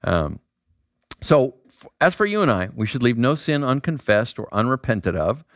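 Animated man preaching a casual sermon. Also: mid-range voice, moderate pace, no echo, clean studio sound. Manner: animated, acts out voices, asks rhetorical questions. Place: outdoor square.

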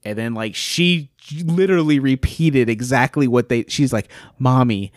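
A man's voice: mid-range voice, expressive, normal speed, dry recording, studio quality. A man chatting casually as a co-host, easygoing and laughing often. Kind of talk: casual chat.

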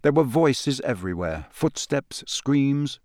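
Steady male storybook narrator. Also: mid-range voice, dry recording, studio quality. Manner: measured and steady. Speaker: audiobook narrator. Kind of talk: scripted narration.

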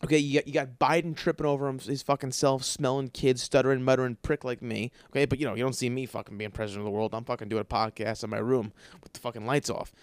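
A man hosting a podcast from his apartment, ranting with constant swearing, stuttering and repeated words, jumping between yelling and mumbling. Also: medium pitch, flat delivery, quick pace, hardly any pauses. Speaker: podcast host. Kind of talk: profane ranting monologue. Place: his apartment, in a dark room. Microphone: studio microphone.

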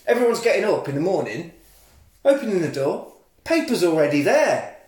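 English man, sweary animated storyteller, slightly high voice, echoey room. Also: moderate pace. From England. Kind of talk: casual comic film recap.

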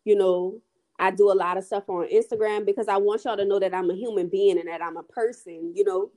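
A woman's voice: mid-range voice, fairly even intonation, brisk, dark tone. A woman who runs a beauty brand, talking in a casual podcast conversation, emphatic and repetitive. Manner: emphatic, repeats herself, drawls phrases. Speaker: beauty brand owner, guest.

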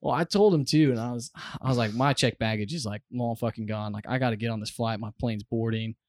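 This young American man is a podcast guest spinning a loose, rambling story with plenty of fillers and curse words. He talks fast in a mid-range voice, and the close studio-mic recording is dry.

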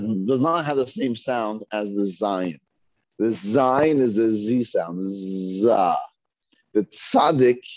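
A man's voice: mid-range voice, darkish tone, no echo, lo-fi sound. A man teaching a Hebrew reading class, patiently sounding out syllables one by one for his students. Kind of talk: classroom lesson. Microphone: earpiece mic.

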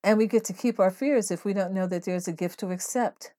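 A woman hosting a devotional podcast, teaching in an earnest, steady way and reading scripture aloud. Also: mid-range voice, moderate pace, few pauses. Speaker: podcast host.

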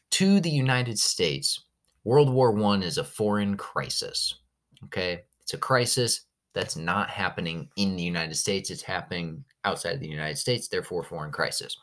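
A man with a low voice teaches history for his students' podcast. He tells the story with lively energy and acts out each country in a silly voice. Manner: animated storytelling, acting out countries in goofy voices. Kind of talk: recorded class podcast lecture. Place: home recording for a class podcast.

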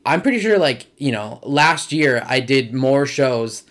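A young man from Michigan chats on a comedy podcast, rambling loosely from one story to the next with "like" all through. His voice sits at an ordinary middle pitch, neither high nor low. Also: animated, a little slow, fairly bright tone. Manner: loose, rambling, says "like" often. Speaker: guest comedian. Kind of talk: casual podcast chat.

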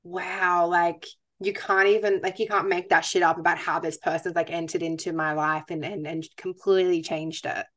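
Rich: A woman hosting a podcast talks in a relaxed, chatty way. Her voice sits a little low, and she swears casually now and then. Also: normal speed, few pauses. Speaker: podcast host. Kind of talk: casual chat.

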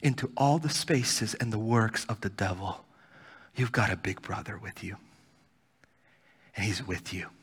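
A man preaching a sermon as pastor, swinging between loud pleading and hushed near-whispers. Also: on the low side, moderate pace, husky. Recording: church hall reverb.

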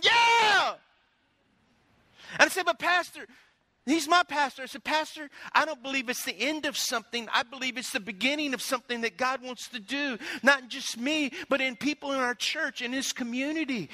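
A middle-aged male pastor preaching in a folksy, storytelling way, pressing the congregation for responses. His voice sits very high and sounds very bright and sharp. The sound is close and dry. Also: brisk, no echo. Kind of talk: sermon.

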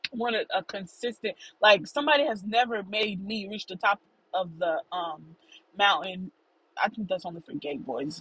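A woman's voice: medium pitch, fairly bright tone, husky, no echo, rough recording. A young woman telling a frank story to her listeners in a rambling, casual way.

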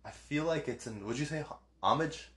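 A man's voice: mid-range voice, a little fast, fairly bright tone. A man in a casual movie chat, easygoing and agreeable. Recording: roomy echo.

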